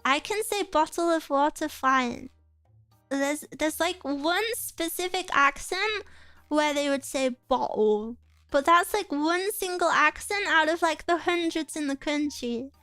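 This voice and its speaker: A woman's voice: high voice, takes it slowly, sharp tone, no room sound, faint music behind. A woman chatting casually on a livestream, answering viewer comments in a playful, giggly way with cutesy exclamations. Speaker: streamer.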